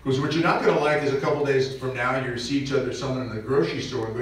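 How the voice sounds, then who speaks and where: A man giving a lively parish mission talk on preparedness, joking and acting out little scenes for the audience. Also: mid-range voice, rapid-fire, few pauses. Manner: animated, jokey, acts out little scenes. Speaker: visiting speaker on preparedness. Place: church hall. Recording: echoey church, recorded from far off.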